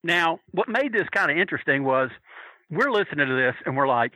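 A man casually telling a long anecdote, animated and acting out the people he quotes. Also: a little high, a little fast, dry recording, dull audio. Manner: animated, acts out quoted voices.

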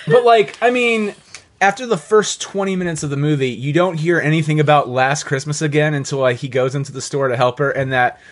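Man, podcast host, casual chat, laughing and swearing, fairly high pitch. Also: fairly quick. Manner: animated, laughing, swears freely.

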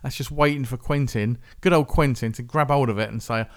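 Man, podcast host, casual rambling chat, mid-pitched voice. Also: fairly quick. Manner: rambling, chatty, self-interrupting.

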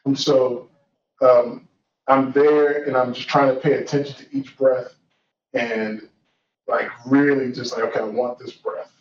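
A man's voice: medium pitch, steady tone, takes it slowly. A young man tells his own story in an earnest, reflective voice, restarting his sentences and leaning on fillers. He sounds set back from the mic, with room echo around him. The audio is dull and carries a faint hiss. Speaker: guest telling his story. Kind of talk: personal storytelling. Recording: roomy, distant, dull sound with faint noise.

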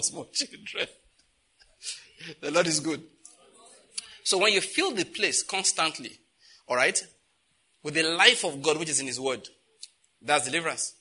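A man's voice: a little high, pushed and bright, husky. A man preaching a conversational sermon, laughing often and asking his listeners rhetorical questions. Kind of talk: sermon teaching.

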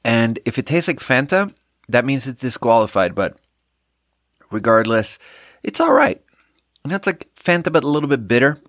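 A man hosts a podcast alone, chatting loosely as he tastes a drink. His pitch sits in the middle range, and he rambles and pokes fun at himself. The close recording is dry, with no room sound. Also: expressive, normal speed, long pauses, a bit bright, no room sound. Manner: rambling, self-mocking, offhand. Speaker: podcast host. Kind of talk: casual solo drink tasting chat.

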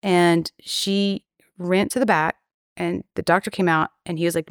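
A young woman appears as a podcast guest, recounting a story in casual chat: blunt, indignant, swearing freely and acting out the voices of the people she quotes. Her voice is lowish, with fairly even intonation and a measured pace, recorded in studio quality with no room sound.

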